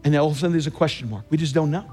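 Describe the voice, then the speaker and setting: Emphatic middle-aged male pastor, fairly high voice, sermon in a reverberant sanctuary with faint music. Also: a little mellow. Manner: emphatic, rising and slowing for key phrases. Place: large church sanctuary.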